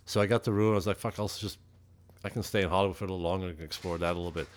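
A man's voice: fairly even intonation, racing. A man from Europe, a metal musician, telling stories as a guest on a casual interview, swearing freely and acting out quoted lines. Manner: profane, laid-back, acts out quotes with rising pitch.

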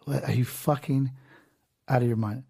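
A man's voice: medium pitch, steady tone, moderate pace, creaky, dark tone, slightly rough. Ranting, profane podcast host, a man. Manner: profane, ranting, reads comments aloud. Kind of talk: casual podcast chat.

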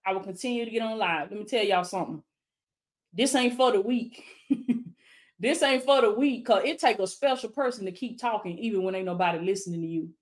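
A woman's voice: medium pitch, fairly quick. A woman life coach on a live stream, fervently repeating affirmations, calling viewers baby and answering them by name like a preacher. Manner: preacherly call-and-response with viewers.

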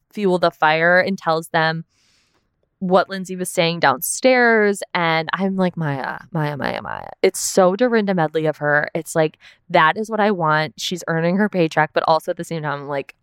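Young woman, casual recap chat, filler-heavy, lowish pitch, smooth voice. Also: fairly bright tone, no echo, clean studio sound. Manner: chatty, lots of "like" fillers. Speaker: recap podcast host.

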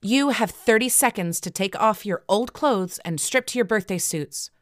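A woman's voice: on the low side, sing-song, brisk, dry recording, clean studio sound. A woman voicing a domineering young woman who leads a cruel sorority, in an audiobook reading. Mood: commanding. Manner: contemptuous, commanding. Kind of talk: audiobook character voice.

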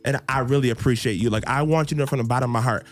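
A man hosting a casual podcast, animated and laughing, breaking into sung phrases. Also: mid-range voice, rapid-fire. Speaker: podcast host.

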